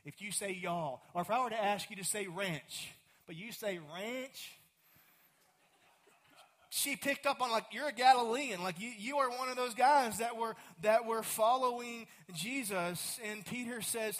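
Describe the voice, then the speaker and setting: A man with a Texan accent preaching a sermon as a pastor, swinging from loud emphatic lines to hushed, slow, drawn-out words. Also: high-pitched.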